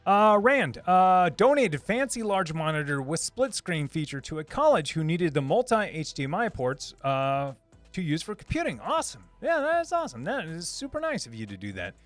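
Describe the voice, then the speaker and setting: A man hosts a live stream, reading chat messages aloud in a casual, upbeat way while repeating words, using many fillers and restarts, and laughing often. His voice sits high and sing-song at a normal speed, with soft music in the background.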